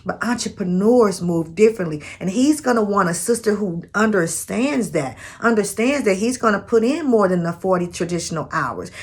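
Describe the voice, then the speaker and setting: A woman with a fairly low, slightly rough voice vlogs dating advice straight to camera, addressing viewers as sis. Her casual motivational talk is chatty, preachy and spiritual, encouraging prayer and manifesting.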